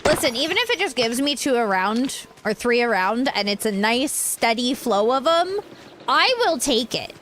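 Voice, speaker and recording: A woman's voice: a little high, big pitch swings, moderate pace, fairly bright tone, slight background noise. A young woman streaming a game in casual, rambling chat, tired and swearing now and then. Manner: rambling, frustrated, drops swear words. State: tired, yawning.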